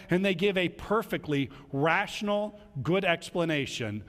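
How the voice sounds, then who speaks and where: A man preaching a sermon in an animated way, acting out quarrels between people as he talks. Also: fairly high pitch, normal speed, few pauses. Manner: animated, acts out quarrels in little voices. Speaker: pastor. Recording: long hall reverb.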